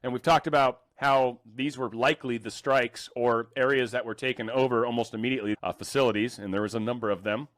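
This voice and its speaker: A man's voice: medium pitch, fairly even intonation, quick pace, hardly any pauses, fairly bright tone, no room sound. A man casually reading news articles aloud and adding sarcastic, joking remarks between passages. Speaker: commentary host reading news.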